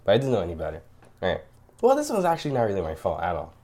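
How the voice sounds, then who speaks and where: Young man, podcast co-host, casual chat, lively swooping pitch, acts out quotes. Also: rapid-fire. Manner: animated storyteller, acts out quotes, laughs often.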